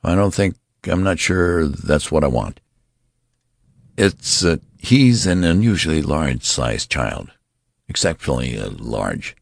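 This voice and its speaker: A man's voice: a bass voice, big pitch swings, unhurried, gravelly, no room sound, studio quality, full character voice. A man voicing a nervous, flustered middle-aged father who stammers and hurries in a story reading.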